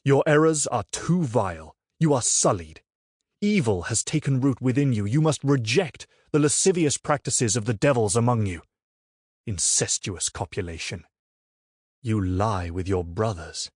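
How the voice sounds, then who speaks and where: A man's voice: lowish voice, a little mellow, no echo, clean studio sound. A man voicing a zealous Dominican friar and inquisitor in an audiobook, roaring hellfire threats and at times feigning sweetness. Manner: roaring hellfire preaching, then falsely sweet.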